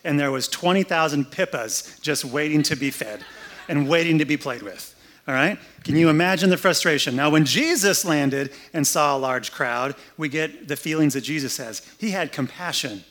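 A man's voice: on the high side, moderate pace, a bit bright. A pastor giving a conversational, humorous sermon indoors, acting out the story as he goes. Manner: conversational, humorous, acts out scenes. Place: air-conditioned room, indoors.

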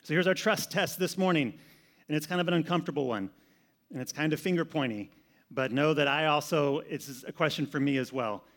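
A man's voice: fairly high pitch, brisk. A man preaching a sermon in a conversational manner, often repeating words as he goes. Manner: conversational, repeats words, shifts between loud and soft. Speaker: pastor.

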